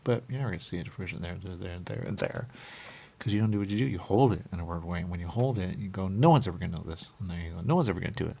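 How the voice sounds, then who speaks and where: A man's voice: low-pitched, rapid-fire, gravelly, dark tone, husky. A man hosting a talk show, rambling playfully with sing-song repetitions and riffs. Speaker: radio show host.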